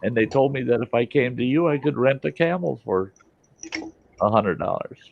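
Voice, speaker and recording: A man's voice: mid-range voice, lively intonation, normal speed, gravelly, a little hiss or hum, voice pushed up. A man voicing a lonely male scientist complaining at a remote desert base, in a dull lo-fi recording.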